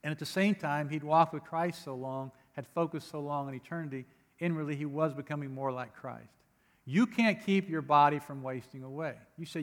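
A man's voice: fairly high pitch, normal speed. A man preaching a sermon, earnest and emphatic, with occasional light humor between readings. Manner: earnest, emphatic preaching with rising bursts on key phrases. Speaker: pastor. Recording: long hall reverb.

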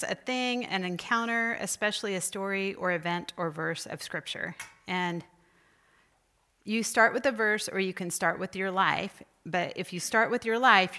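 A woman's voice: medium pitch, pushed and bright. A woman giving a conversational church lecture on spiritual disciplines, asking her listeners questions as she teaches. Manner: conversational, asks the group questions.

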